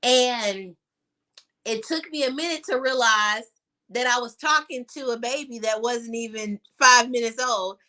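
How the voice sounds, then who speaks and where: A woman's voice: a little high, unhurried, bright, forceful tone. A young adult woman on a video call, telling her personal story candidly with many fillers, sometimes choking up. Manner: candid, filler-heavy, chokes up at times. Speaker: guest.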